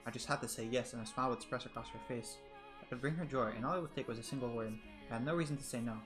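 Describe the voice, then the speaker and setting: A man reading a visual novel aloud in a soft, reflective voice, breaking off for chatty asides. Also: mid-range voice, rapid-fire, over music. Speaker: let's play host.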